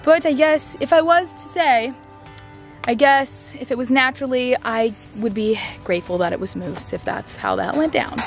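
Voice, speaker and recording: A young woman vlogging on her farm, chatting excitedly to the camera and her animals with lots of "like" and "I don't know". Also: sits high, moderate pace, soft background music. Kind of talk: casual vlog chat to camera. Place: outdoors on a farm pasture.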